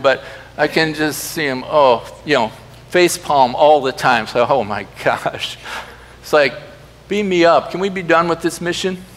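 A man preaching a sermon as pastor, lively and humorous, with sudden loud emphasis. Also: high-pitched, long reverb tail. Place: church sanctuary.

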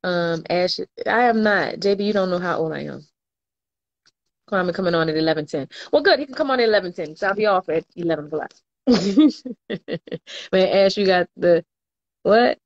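A woman in her 20s from New Orleans, US, chats casually on a livestream, reading viewer comments aloud with slangy laughter. Her voice is fairly low, at normal speed, and she pauses often. The recording is muffled.

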